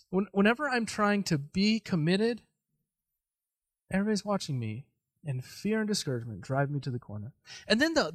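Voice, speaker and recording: A man preaching a sermon, telling a personal story in an animated, self-deprecating way. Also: sits high, no echo. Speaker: pastor.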